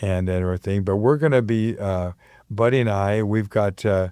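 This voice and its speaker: A man's voice: fairly low pitch, normal speed, mellow, clear, resonant tone, dry recording, clean studio sound. An older man, a musician guest on a community radio show, telling rambling stories and giggling often. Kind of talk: casual radio conversation.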